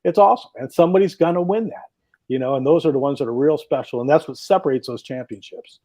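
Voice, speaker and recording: A man's voice: fairly high pitch, fast, dark tone. A man guest on a talk show, telling stories in an enthusiastic, rambling way over a video call. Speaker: drag racing driver guest. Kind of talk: casual talk show interview.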